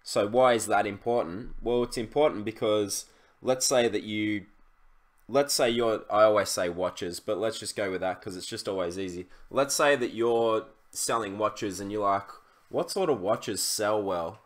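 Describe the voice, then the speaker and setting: A young man talking through an online tool in a relaxed screen-share tutorial. His voice sits a little low, and he rambles casually, often pausing on "um" and restarting his sentences. He sounds like he's speaking into a desktop mic at his computer. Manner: chatty, loose, with many fillers and restarts. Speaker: e-commerce YouTuber.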